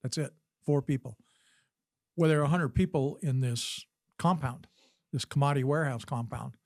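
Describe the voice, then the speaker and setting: A man's voice: mid-range voice, normal speed, creaky, a little mellow, no room sound, studio quality. An older man, a podcast guest and former combat physician, telling a story in an interview with earnest delivery and frequent restarts. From United States.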